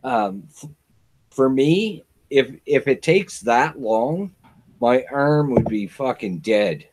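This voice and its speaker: A man's voice: medium pitch, expressive, slow pace, a little mellow. A man joining a casual stream chat, speaking in a laid-back, profane way.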